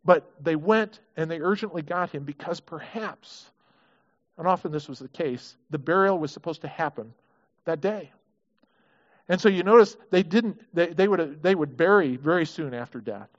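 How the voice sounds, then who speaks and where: A pastor with a high-ish, expressive voice speaks at normal speed over lo-fi sound. His sermon is conversational; he acts out the people in the story and their quoted prayers, often repeating words as he restarts.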